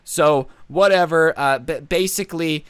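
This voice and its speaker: A young man narrating a storytime vlog in a chatty, animated way, with jokey asides. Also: fairly high pitch, a little slow, smooth, no echo. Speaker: storytime YouTuber.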